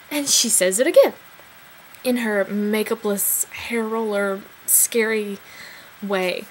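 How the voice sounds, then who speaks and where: A woman in her twenties telling a funny personal story in a chatty, animated way with big swings in pitch. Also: takes it slowly, a little hiss or hum, rough recording. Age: 20s.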